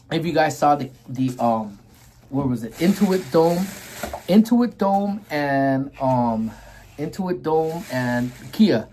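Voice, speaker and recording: A man's voice: mid-range voice, a little mellow, a little hiss or hum. A man in his forties hosting a casual live stream, rambling and greeting viewers while eating.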